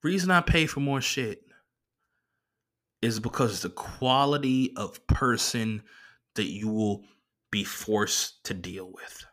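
A man hosting a solo podcast, telling stories in a casual, profane and animated way and slipping into voices. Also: fairly low pitch, slow pace, long pauses. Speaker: podcast host.

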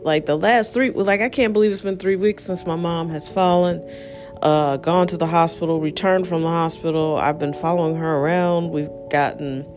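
A woman's voice: fairly low pitch, steady tone, normal speed, a little mellow, soft background music. A tired woman hosting her own podcast, talking in a rambling, candid way full of fillers. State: tired, yawning. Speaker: podcast host. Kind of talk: casual monologue.

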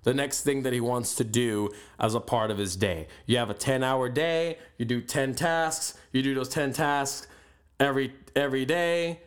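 A man's voice: mid-range voice, moderate pace, clean tone. A young man hosting a podcast, ranting bluntly and profanely in a motivational monologue. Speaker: podcast host. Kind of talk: motivational rant.

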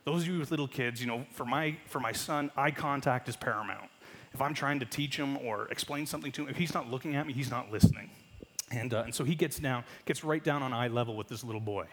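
A man's voice: mid-range voice, fast talker, slight background noise. Man preaching in a reverberant church hall. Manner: animated storyteller, laughing at his own anecdotes. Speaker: pastor. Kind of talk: sermon with storytelling. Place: church sanctuary.

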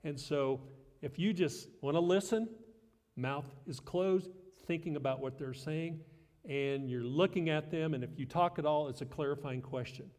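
A man's voice: on the high side, moderate pace, darkish tone, in a large hall. A middle-aged man preaching a sermon as pastor, conversational and self-deprecating with light humor.

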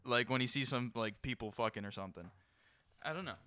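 Bright-voiced rambling podcast host man. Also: medium pitch, a little fast, smooth, no room sound, clean studio sound. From New York. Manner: rambling, swearing, laughing. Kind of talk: casual podcast chat.

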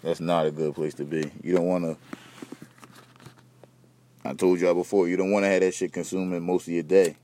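A man's voice: low voice, level tone, normal speed, pauses often, mellow, slight background noise. A young man hosting a podcast, rambling in loose, slangy, profane casual chat. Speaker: podcast host.

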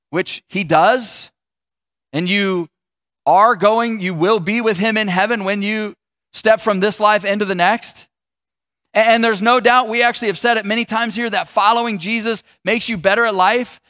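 A man preaching a sermon as a pastor, building through repeated phrases and then dropping soft and low. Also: no echo.

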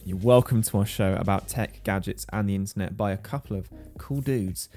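A man co-hosting a casual tech podcast from his spare bedroom, joking and rambling in quick bursts. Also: fairly low pitch, warm tone, soft background music. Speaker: podcast co-host.

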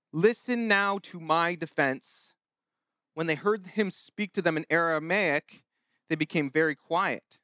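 A man gives a sermon in a relaxed, talky way, often starting phrases over and slipping into quoted voices. His voice sits high and bright. The sound is dry and close. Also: no echo. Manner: conversational, with many restarts and acted-out quotes. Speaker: pastor.

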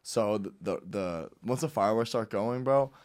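A man telling a rambling party story in casual chat with friends, restarting his sentences and bursting into shouted quotes. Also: on the low side, normal speed.

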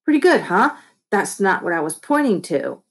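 A woman's voice: mid-range voice, sing-song, normal speed, husky, pitched above the performer's own voice. A woman voicing a bossy young boy who runs a small business, talking in a bratty, emphatic way.

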